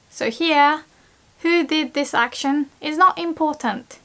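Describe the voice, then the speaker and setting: A woman whose first language is Japanese, teaching grammar in English with a slow, patient manner, repeating example words with lifted emphasis. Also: sits high, fairly bright tone. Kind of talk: casual explanatory lesson.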